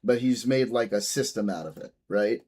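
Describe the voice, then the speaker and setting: A man's voice: lowish voice, moderate pace, husky. A man streaming live, joking crudely and reacting to clips in casual commentary. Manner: crude, joking, swings loud and soft.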